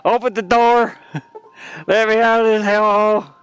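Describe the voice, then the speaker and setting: A man voicing a bratty toddler boy trapped in a room, whining and shouting for his daddy. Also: sits high, steady tone, unhurried, clear, resonant tone, pitched above the performer's own voice. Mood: whiny. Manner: whiny, shouting for daddy, giggly.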